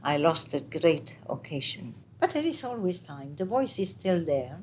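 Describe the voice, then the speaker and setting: An older woman with an Italian accent, speaking as an interview guest in a casual, animated way, with halting English and many restarts. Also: low voice, slight background noise. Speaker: interviewee, retired opera singer. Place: home apartment.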